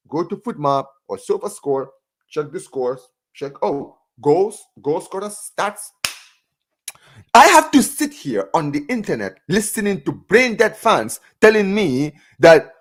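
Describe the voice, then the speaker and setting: Male reaction streamer, higher voice, sarcastic ranter. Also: normal speed. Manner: animated, ranting and sarcastic, repeats words and says "bro". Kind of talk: live fan reaction chat.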